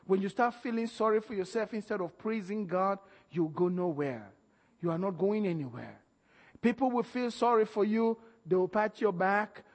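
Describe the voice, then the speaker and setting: A high-voiced man preaching a sermon, telling his stories with animated energy and frequent laughter. His voice carries a long reverb, as in a large hall. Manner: animated storytelling, laughs often, acts out voices. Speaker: pastor.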